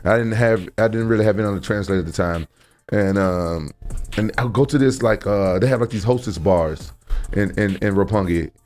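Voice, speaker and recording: Man, podcast guest, casual storytelling, animated, swears a lot, repeats words. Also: lowish voice, brisk, faint music behind.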